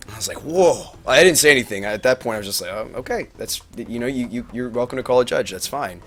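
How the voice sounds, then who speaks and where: A man telling a tournament story on a livestream, rambling and animated, acting out quotes with big swings in his voice. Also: mid-range voice, fast talker, few pauses, soft background music. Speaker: Magic player recapping a tournament on a livestream. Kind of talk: casual storytelling to a stream audience. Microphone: webcam mic.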